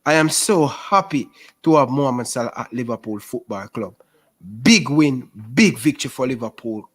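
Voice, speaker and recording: Male fan-stream host, excitable and repetitive, ordinary middle pitch. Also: normal speed. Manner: excitable, repetitive, calls people bro. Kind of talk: casual post-match fan stream.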